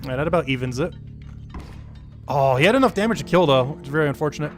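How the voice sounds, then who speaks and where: A man streaming a card game, thinking aloud about his moves and slowly reading out game text with many fillers. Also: on the high side, lively intonation, faint music behind. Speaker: gaming streamer. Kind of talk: casual live-stream commentary.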